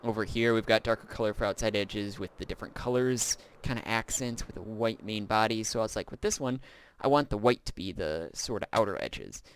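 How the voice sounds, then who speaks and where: A man with a lowish, smooth and clear voice talks through his gameplay in a loose, rambling way. He fills pauses with "uh" as he walks through what he made. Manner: relaxed and rambling, with frequent "uh" fillers. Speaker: gameplay video host. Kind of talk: casual gameplay commentary.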